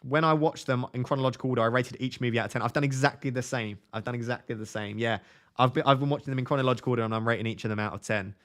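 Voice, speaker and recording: A man's voice: mid-range voice, racing, fairly bright tone. A man in his twenties on a casual live stream, reading viewers' comments aloud and answering them. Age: 20s.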